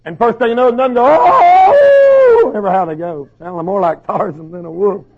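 A hoarse male preacher, shouting through a fiery sermon. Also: high-pitched, brisk, very noisy. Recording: dull lo-fi recording.

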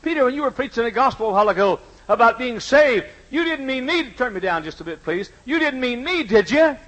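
Preacher man with a really high voice, fiery sermon, speaks as the sinners, goes hushed then yells, pitch all over. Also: lively intonation, a little fast, low-quality recording. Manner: impassioned, speaking as repentant sinners in first person; swings from hushed low pleading to shouting.

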